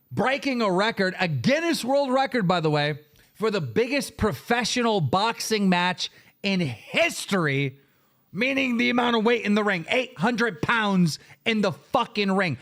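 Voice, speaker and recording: A man's voice: high voice, a bit bright. A man hosting a livestream, ranting angrily and cursing heavily as he tells his side of a story. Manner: profane, heated, emphatic. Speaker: livestream show host. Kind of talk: angry livestream rant.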